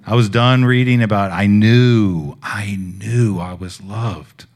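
A young man preaching, telling a personal faith story in a casual, heartfelt way that swings between hushed and loud. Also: lowish voice, fairly even intonation, slow. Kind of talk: sermon testimony.

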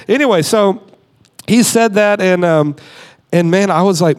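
High-voiced man preaching conversationally. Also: lively intonation, normal speed, darkish tone. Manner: conversational, emphatic, acts out quoted voices. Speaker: guest speaker. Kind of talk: sermon.

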